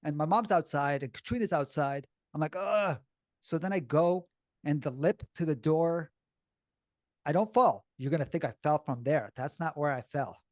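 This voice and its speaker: Animated man telling a story, dry sound. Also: on the high side, normal speed, no room sound. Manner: animated, blunt, swears freely. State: shaky and upset while recalling. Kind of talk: casual personal storytelling.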